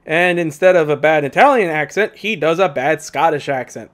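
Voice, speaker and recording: A male movie reviewer talking casually with a sarcastic, mocking edge. His voice is fairly high and very animated, rising and falling a lot. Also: normal speed. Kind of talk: casual commentary.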